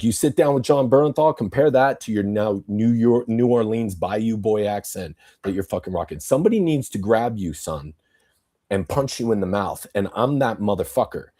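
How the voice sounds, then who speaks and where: A man's voice: lowish voice, normal speed, mellow, husky. A man hosting a podcast, ranting angrily and profanely in an emphatic monologue. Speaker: podcast host.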